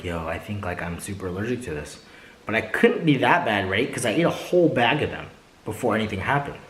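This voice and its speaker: A young man vlogging a casual storytime, animated and slangy, addressing viewers directly. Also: mid-range voice, echoey room, poor audio. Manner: animated, slangy, keeps saying bro and right.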